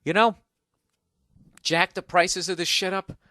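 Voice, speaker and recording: A man's voice: sits high, fairly even intonation, measured pace, pushed and bright, dry recording, studio quality. A man hosting a podcast, ranting with profanity and sarcasm in a casual comedic monologue, recorded on a single microphone in a hotel room. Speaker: podcast host. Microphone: single microphone, no headphones.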